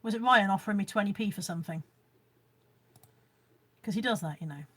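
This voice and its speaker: A woman's voice: medium pitch, fairly quick, a bit bright, breathy edge. A middle-aged woman with a Bristolian accent, chatting casually on a livestream, reading viewer comments aloud and poking fun at herself. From Bristol, England. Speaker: livestream host selling boot sale finds. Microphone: phone camera.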